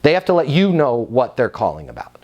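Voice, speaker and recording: A man's voice: medium pitch, huge pitch swings, brisk, a little mellow. A man teaching a seminar on answering the phone in leasing sales, emphatic and fired up, driving his points home with repetition.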